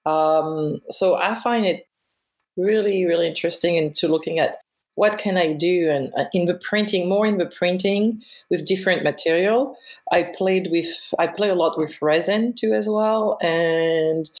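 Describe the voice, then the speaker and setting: A woman's voice: fairly low pitch, measured pace, darkish tone. A middle-aged woman with a French accent. She is a guest photographer in an interview, talking reflectively and searching for her words. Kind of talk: interview conversation.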